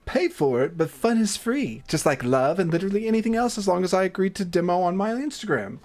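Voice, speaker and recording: A man's voice: sits high, lively intonation, brisk, a little mellow. A man hosting a gaming livestream, reading game text aloud between profane, self-mocking banter and exasperated outbursts.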